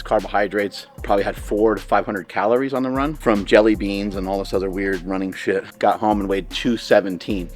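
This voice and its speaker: Candid, rambling middle-aged man. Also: lowish voice. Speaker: vlogger training for a marathon. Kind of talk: casual gym vlog talk.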